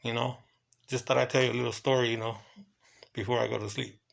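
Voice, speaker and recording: A man who works hotel security, telling a casual story in loose, halting runs and bursting into profane exclamations. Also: medium pitch, creaky. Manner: excitable and profane, breaks into quoted exclamations; talks in loose, halting runs with many fillers.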